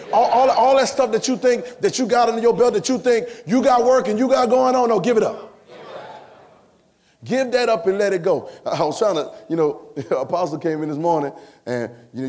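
Male preacher, high voice, repeats lines, builds to shouts, church sermon. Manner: call-and-response preaching, repeating phrases, rising to shouts. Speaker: pastor. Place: church sanctuary.

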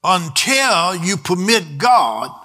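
A man's voice: high-pitched, sing-song, takes it slowly, sharp tone. A man preaching a sermon, in a rhythmic delivery that drifts into half-singing and draws out key words. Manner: rhythmic preaching, sometimes half-sung, stretched words for emphasis.

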